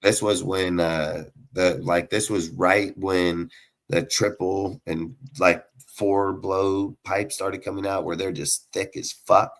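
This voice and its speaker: A young man with a low voice spins a profane, animated story in loose casual talk. He swears in nearly every line and breaks into loud sound effects to act out the action. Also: slow pace. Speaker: podcast co-host.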